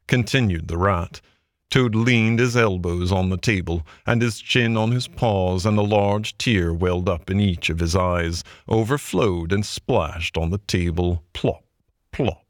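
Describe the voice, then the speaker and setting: Brief: male audiobook narrator, low voice, measured and expressive, dry close sound. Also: no room sound. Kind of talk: storybook narration.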